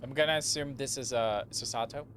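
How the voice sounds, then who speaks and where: A male streamer voicing game lines with a friend in a playful, drawn-out way, with clear hiss behind. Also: medium pitch, a bit bright. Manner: playful, drawn-out, mumbling asides. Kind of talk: casual game voice-over with a friend.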